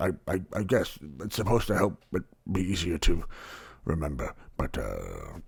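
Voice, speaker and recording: A man's voice: deep voice, wildly swooping pitch, normal speed, creaky, slightly rough, full character voice. A man voicing a nervous, stammering male innkeeper in a tabletop role-play, apologetic and fumbling. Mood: flustered.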